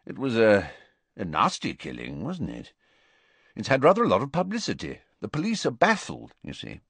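Sharp, sarcastic prime minister, angry and raised, read by a male narrator. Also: lowish voice, wildly swooping pitch, moderate pace, gravelly, husky, no echo, voice pushed up, full character voice. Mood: uneasy. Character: irritable middle-aged male prime minister. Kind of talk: audiobook character voice.

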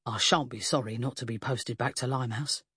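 A grave, husky middle-aged police inspector, voiced by a woman narrating an audiobook, speaking low and halting with a solemn, anxious earnestness. The voice sits in a middle register with a breathy rasp, recorded dry and close. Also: steady tone, fairly bright tone, no echo, heavily acted. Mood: earnest, tender. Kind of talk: audiobook character voice.

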